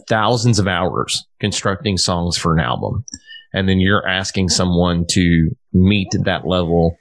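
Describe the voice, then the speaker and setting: Low-voiced man rambling in casual chat. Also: dry recording. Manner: rambling and profane, with many restarts. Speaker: podcast host, musician.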